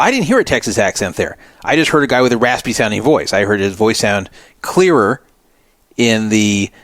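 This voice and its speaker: A man's voice: mid-range voice, no echo. Dry-sounding man hosting a show. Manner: rambling, conversational. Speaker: radio show host. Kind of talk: casual commentary.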